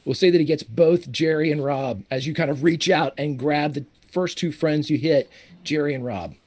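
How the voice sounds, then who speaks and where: A man running a tabletop game as game master, describing scenes in steady narration. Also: a little high, moderate pace.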